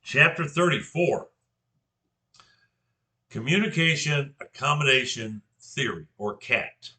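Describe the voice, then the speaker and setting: A man's voice: medium pitch, lively intonation, slow pace, sharp tone. An older man from Georgia in the US giving an informal class presentation, carefully articulating his words with frequent restarts.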